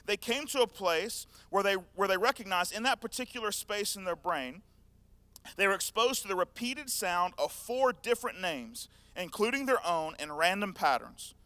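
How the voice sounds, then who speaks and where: A man preaching a sermon, retelling scripture in an animated, conversational storytelling manner. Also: high voice, moderate pace, no echo. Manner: animated storytelling, acting out scenes. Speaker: pastor.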